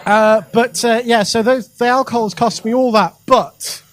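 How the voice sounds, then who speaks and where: A man's voice: extremely high pitch, steady tone, measured pace, fairly bright tone, slight background noise. A man performing a stand-up comedy set on a club stage, talking to the crowd in a chatty way with many ums and asides. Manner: conversational, addresses crowd directly, frequent ums and asides.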